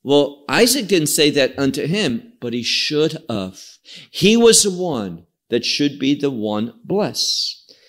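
A man's voice: on the high side, big pitch swings, slow pace. A man teaching through a scripture passage in an expository sermon, explaining words emphatically. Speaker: Bible teacher.

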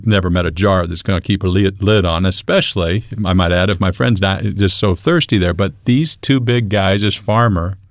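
A man's voice: sits low, vocal fry, no echo, studio quality. A man recounting a personal ordeal as an interview guest, rambling with wry humor. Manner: rambling, restarts mid-sentence, wry humor. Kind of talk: casual storytelling.

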